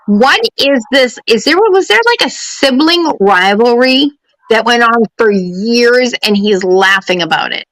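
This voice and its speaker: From her home during a power outage, a psychic medium does readings on a live stream, chatting, laughing, and talking to her pets. Her fairly high, fairly bright voice is expressive and a little slow. The recording is rough but has no echo.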